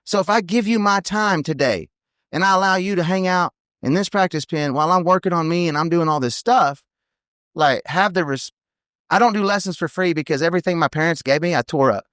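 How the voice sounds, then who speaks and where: A man, a podcast guest telling blunt, rapid stories in casual chat. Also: high voice, a bit bright, clear, resonant tone, no room sound, clean studio sound. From United States. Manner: blunt, fast storytelling with many "you know what I mean"s. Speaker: podcast guest, team roper.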